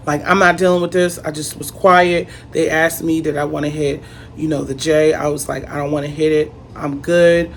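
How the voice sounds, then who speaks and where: A woman in her late thirties, a YouTuber telling a storytime vlog in an animated, repetitive, exclamatory way. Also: medium pitch, slight background noise. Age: 30s.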